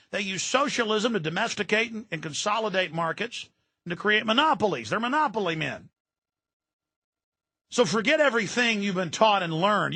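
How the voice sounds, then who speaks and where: A man's voice: high-pitched, sharp tone, no room sound. A man hosting a radio talk show, delivering an intense, ranting political monologue and repeating words when worked up. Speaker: radio host.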